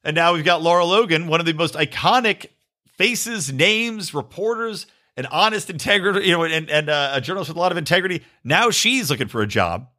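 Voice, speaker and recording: A man hosting his own podcast, ranting through a political commentary monologue with a sarcastic edge and casual swearing. His voice sits fairly high and bright. It swings up and down all the time. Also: animated, a little fast. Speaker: podcast host.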